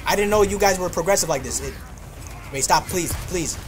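A man's voice: sits high, brisk. A man streaming a game live, joking and trash-talking enemies while talking to himself and his chat. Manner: excitable outbursts, talks to himself and chat. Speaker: gaming streamer. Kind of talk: live gameplay commentary.

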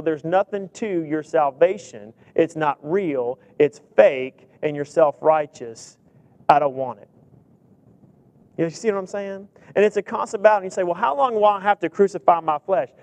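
A man's voice: high voice, vocal fry, a little mellow, dry recording. A man preaching a sermon. He reads scripture aloud, jokes, and keeps asking the congregation questions. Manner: humorous, asks the congregation many questions.

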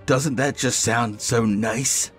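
A man voicing a cruel, condescending male captor who taunts slowly over faint music. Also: mid-range voice, fairly even intonation, a bit bright. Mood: taunting. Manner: slow, drawn-out taunting.

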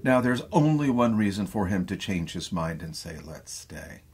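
A middle-aged man, a theatre professor, lecturing on a play in a deliberate, thoughtful way, often repeating words as he thinks. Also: fairly low pitch, animated, a little mellow, breathy edge.

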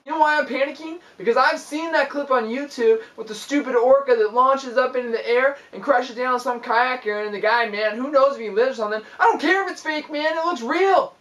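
Excitable young man telling a story. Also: very high-pitched, fairly quick, few pauses, far from the mic, rough recording. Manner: excitable, exaggerated storytelling with sound effects. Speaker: youth ministry vlogger. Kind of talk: animated storytelling vlog.

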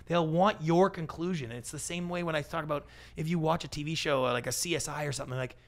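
A man being interviewed on a podcast, an animated storyteller who acts out the voices of the people he quotes. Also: a little high, fast talker, vocal fry. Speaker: guest, pitch expert and TV producer.

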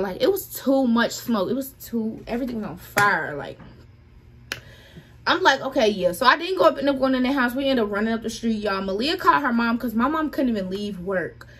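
Animated young woman telling a story. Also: fairly high pitch, fairly quick, slightly rough. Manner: animated, dramatic retelling, addresses viewers as y'all. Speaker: vlogger. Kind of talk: casual storytime chat.

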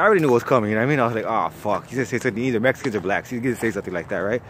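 A man's voice: on the low side, lively intonation, rapid-fire, hardly any pauses, a bit bright, a little hiss or hum. A man from California with a Chicano accent, casually telling stories from his old call-center job, swearing freely and leaning on fillers. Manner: profane, laid-back storytelling full of fillers. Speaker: former bank call-center worker. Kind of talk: casual storytelling vlog.

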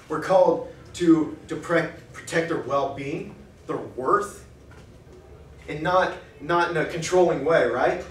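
Guy preaching at a men's breakfast, kinda high voice, roomy echo, mic off at a distance. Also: slight background noise. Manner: animated, acts out quoted thoughts in a hushed voice. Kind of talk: preaching talk. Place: cafe. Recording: echoey room, mic far off.

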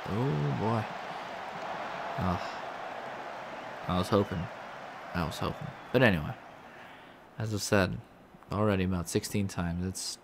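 A man's voice: on the low side, vocal fry, background noise. A man commentating his own video game play, swearing and ranting in frustration at the game. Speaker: gaming commentator.

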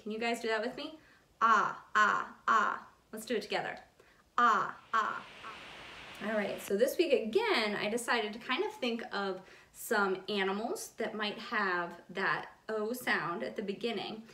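A woman's voice: medium pitch, pushed and bright, distant mic. A woman teaching a preschool circle time lesson, upbeat and encouraging in a sing-song way. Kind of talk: online circle time lesson for young children. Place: home room. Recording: echoey room, a bit off-mic.

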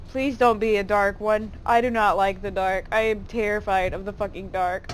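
A woman's voice: medium pitch, fairly even intonation, moderate pace, hardly any pauses, a little hiss or hum. A woman hosting a horror game let's play, talking through it in a jumpy, jokey way and swearing freely. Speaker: gaming channel host.

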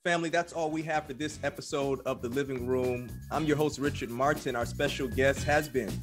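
A man's voice: mid-range voice, fairly even intonation, a little fast, over music. A man who is a pastor and podcast host, speaking in a fervent, encouraging, preacherly way. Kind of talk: exhortation and show wrap-up.

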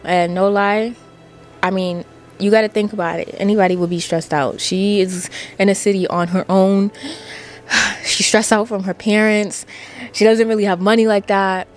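A woman's voice: medium pitch, level tone, moderate pace. Young woman chatting thru a sim game, playful, lots of "like", faint music under her. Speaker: gaming YouTuber. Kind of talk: casual let's-play commentary.

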